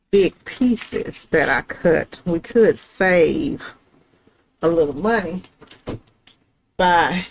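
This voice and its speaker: A woman's voice: lowish voice, slight background noise, low-quality recording. A middle-aged woman, hosting a live print-shop stream in a chatty, folksy way and talking straight to her viewers. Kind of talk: casual live craft demonstration.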